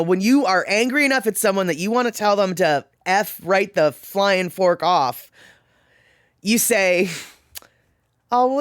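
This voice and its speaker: A middle-aged streamer talks loosely to their chat, wandering through stories with frequent laughs and restarts. The voice sits at an ordinary middle pitch and is captured close and dry, with no room sound around it. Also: a bit bright, dry recording. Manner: rambling and chatty, laughs often. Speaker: livestream host reading chat. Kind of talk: casual chat.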